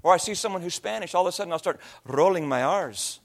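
Male pastor, 30s-40s, high-pitched voice; conversational sermon full of anecdotes and mimicry. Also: expressive, quick pace, creaky. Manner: storytelling, slipping into imitated voices and accents.

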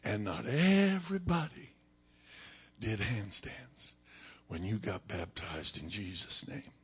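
A man preaching a sermon, telling a story dramatically and swinging from shouts down to whispers. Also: lowish voice, expressive, takes it slowly, breathy edge.

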